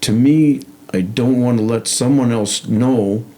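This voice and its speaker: Mellow-voiced man, reflective and halting. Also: mid-range voice, low-quality recording. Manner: reflective, speaks in short broken phrases. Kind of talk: casual heartfelt conversation.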